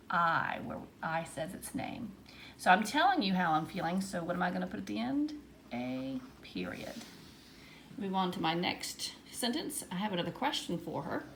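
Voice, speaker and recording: A woman teacher giving a writing lesson to young children, reading example words slowly and with exaggerated emphasis. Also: lowish voice, vocal fry, slight background noise. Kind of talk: early-grade writing lesson.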